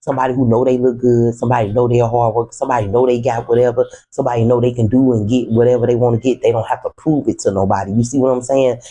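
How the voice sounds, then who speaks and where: A man's voice: mid-range voice, very fast, few pauses, rough recording. A man giving a casual, conversational tarot reading, talking straight to his viewers. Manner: relaxed, conversational, speaks to viewers as "you" and "the collective". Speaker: tarot reader.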